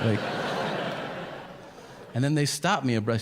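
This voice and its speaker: A man in his forties doing a profane, deadpan stand-up routine and acting out his exchanges with strangers. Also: mid-range voice, moderate pace, pauses often, noisy background. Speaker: stand-up comedian. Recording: live stage mic over crowd laughter. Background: audience laughter.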